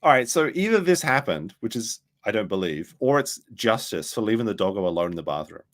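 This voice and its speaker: A man with a low voice doing casual streamer commentary. He rambles, swears freely and loses his place mid-sentence. His pitch swings widely as he talks. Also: big pitch swings, fairly quick. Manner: rambling, profane, loses his train of thought.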